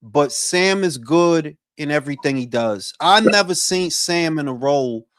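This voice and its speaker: Male host, casual chat, animated delivery, dry close mic. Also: fairly high pitch, measured pace, dry recording. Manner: animated, profane, laughs often. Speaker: podcast host.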